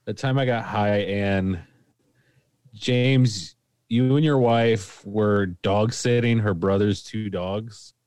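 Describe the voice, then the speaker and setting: A man's voice: on the low side, steady tone, slow, a little mellow, dry recording, studio quality. A man co-hosting a comedy podcast, rambling through a story and laughing as he tells it. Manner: rambling, laughs while telling. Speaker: podcast co-host. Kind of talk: casual podcast chat.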